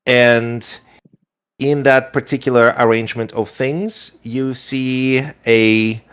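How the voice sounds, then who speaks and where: A man's voice: mid-range voice, steady tone, takes it slowly, fairly bright tone, clear, resonant tone. A man narrating as game master, improvising loosely with many fillers. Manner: rambling, improvised, full of fillers.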